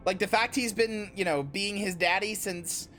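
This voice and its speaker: A man's voice: high voice, moderate pace, bright, forceful tone. A game streamer doing casual livestream commentary, playful and rambling, often addressing his chat. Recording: faint music behind.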